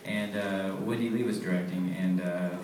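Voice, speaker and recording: A man's voice: sits low, fairly even intonation, moderate pace. A man, a voice actor on a convention panel, telling rambling stories and laughing often, recorded from afar in a large hall. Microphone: distant from the recording. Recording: echoey hall from far off, loud noise.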